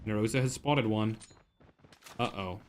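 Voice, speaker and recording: A young man with a lowish, slightly slow voice streams live esports commentary on a mobile shooter tournament. He's excitable and full of exclamations, chatting with his viewers as he calls the action.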